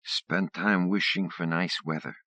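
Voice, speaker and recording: A man voicing a soft-spoken young Vietnamese immigrant girl who speaks slow, broken English in an airy voice. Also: low-pitched, steady tone, no echo, heavily acted. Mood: calm, wry.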